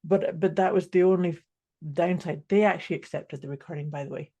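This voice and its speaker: Scottish woman, coach and podcast co-host, easy storyteller with a low voice. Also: brisk, mellow, highs cut off. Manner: chatty, laughs easily, storytelling. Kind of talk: casual podcast chat.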